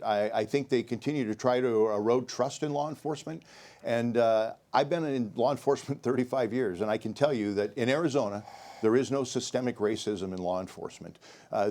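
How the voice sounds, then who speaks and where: A man's voice: medium pitch, darkish tone. Earnest older man, debate candidate. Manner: earnest, repeats words while finding them. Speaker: sheriff candidate. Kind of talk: debate answer.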